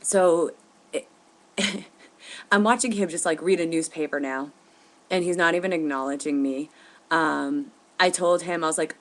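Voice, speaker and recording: Indignant woman vlogger, lowish voice. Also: a little slow, long pauses. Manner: indignant, animated retelling with laughs. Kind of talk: casual storytelling to camera. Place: at home, indoors.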